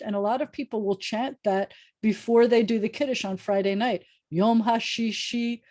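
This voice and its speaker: Woman rabbi, casual online Hebrew teacher; chatty and animated, slows down to spell out words, on a video call. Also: medium pitch. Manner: chatty, animated, drawn-out slow pronunciations of words. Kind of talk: casual online language lesson. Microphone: computer mic on a video call.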